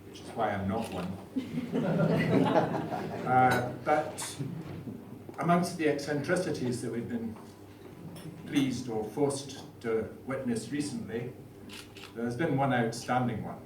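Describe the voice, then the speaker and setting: A man's voice: mid-range voice, animated, takes it slowly. A man giving a dry, self-deprecating comic speech at a dinner. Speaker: after-dinner speaker. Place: dinner hall. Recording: roomy hall, far mic, noisy.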